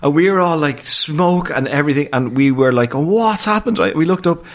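A man with a Dublin Irish accent, a stand-up comedian and podcast guest, telling stories in an animated way and laughing as he goes. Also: on the high side, a little fast. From Dublin, Ireland. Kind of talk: casual storytelling in a podcast interview.

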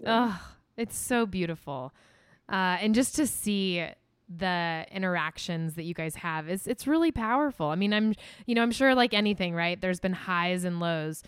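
A woman's voice: fairly low pitch, expressive, moderate pace, clear, resonant tone, dry recording. A woman hosting an interview, encouraging her guest and asking him follow-up questions. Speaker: host.

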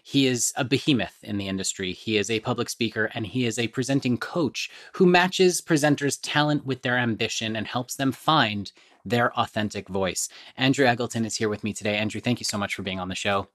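A man's voice: medium pitch, brisk, a bit bright. A middle-aged man hosting a self-improvement podcast, speaking in an upbeat, motivational and chatty way. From United States. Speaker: podcast host. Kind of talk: podcast intro and interview.

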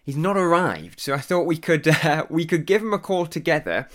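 A man's voice: a little high, big pitch swings, normal speed, a bit bright. A man hosting a podcast, chatty and laughing between lines. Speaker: podcast host. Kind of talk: casual podcast chat.

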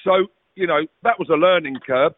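Middle-aged man, chatty guest storyteller, a touch higher pitched, phone-quality audio. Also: normal speed, no room sound. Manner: rambling anecdotes with swearing and restarts. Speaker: guest, former footballer. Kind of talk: casual storytelling chat. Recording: tinny phone-like audio, dry.

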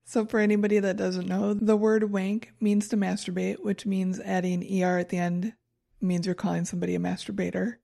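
A woman co-hosting a podcast, reading from her notes and fumbling over foreign words. Her voice has a gravelly, fry-heavy texture. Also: mid-range voice, little pitch movement, a little fast, warm tone. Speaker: podcast co-host presenting research. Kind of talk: casual chat.

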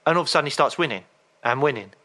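A man co-hosting a podcast, telling a story in a chatty, animated way. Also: mid-range voice, rapid-fire. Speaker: podcast co-host. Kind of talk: casual chat.

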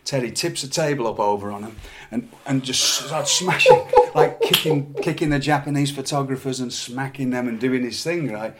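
A middle-aged man from England, a former wrestler, telling animated anecdotes in a casual chat with frequent laughs and repeated words. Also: medium pitch, moderate pace, few pauses, noisy background.

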